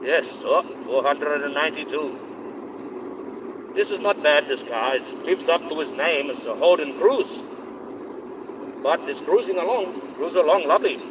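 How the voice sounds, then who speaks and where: A man's voice: on the high side, animated, unhurried, long pauses. Rambling man streaming from his car. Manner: rambling, opinionated running commentary; playing up a put-on accent. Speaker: live streamer. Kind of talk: casual live-streamed driving chat. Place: inside a moving car on a highway. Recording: dull lo-fi sound with road noise. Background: engine and road noise.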